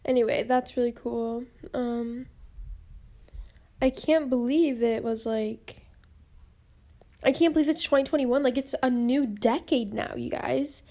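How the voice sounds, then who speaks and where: Young woman, high voice, out of breath, chatty, rambling podcast host. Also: a little slow, pauses often, dark tone. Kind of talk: casual podcast chat. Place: home, indoors.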